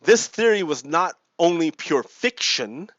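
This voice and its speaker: Unhurried but very animated, a man with a voice on the high side and a bit of brightness hosts a gaming video with no room sound. He reads out politics and explains it in a casual, chuckling way, often repeating himself, captured on a dry, dull lo-fi mic.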